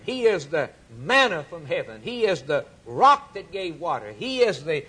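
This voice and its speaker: A man's voice: fairly high pitch, big pitch swings, normal speed, bright, forceful tone, breathy edge. A man preaching a sermon, emphatic and dramatic, repeating key lines for effect.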